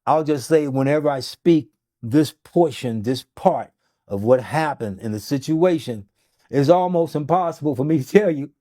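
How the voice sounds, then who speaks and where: Slightly high and warm, a man's voice moves at a moderate pace through a dramatic interview story. He's a doctor who stresses his points and performs other people's lines. The studio sound is clean and free of echo.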